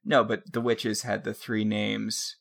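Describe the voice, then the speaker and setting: A man co-hosting a casual podcast chat, deadpan and rambling through jokes. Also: lowish voice, slow, vocal fry. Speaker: podcast co-host.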